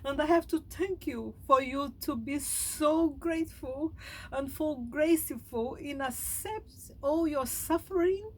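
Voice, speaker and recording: Slow, high-voiced emotional woman speaker. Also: rough recording. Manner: halting, heartfelt, emotional. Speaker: spiritual speaker. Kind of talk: meditative reflection.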